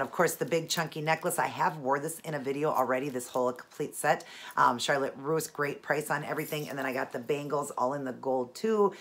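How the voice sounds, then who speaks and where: A middle-aged woman talks in a low, husky voice, her nose a little stuffed up from allergies. She rambles through her outfit in a chatty, relaxed way from her home. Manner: chatty, rambling with frequent asides. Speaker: fashion and beauty vlogger. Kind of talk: casual outfit walkthrough. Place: indoors at home.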